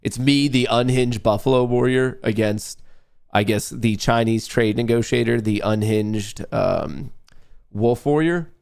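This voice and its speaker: A nasal-voiced man chats loosely through a live trading stream, joking and swearing as he goes. His voice carries a gravelly, fry-heavy edge. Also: medium pitch, a little slow, a little mellow. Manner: rambling, joking and profane. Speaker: livestream trading show host. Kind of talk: casual livestream chat while trading.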